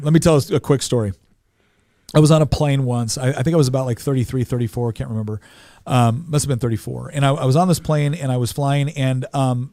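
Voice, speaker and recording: A man's voice: mid-range voice, mellow, no room sound, studio quality. A man in his forties, a podcast guest, telling a personal story in an earnest way, often repeating words as he goes.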